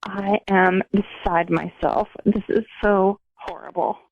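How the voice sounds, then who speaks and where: A woman's voice: mid-range voice, fairly even intonation, slow. A woman calling in to a radio show, outraged and repeating herself. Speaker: caller. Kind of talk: emotional phone call. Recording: muffled phone line on radio.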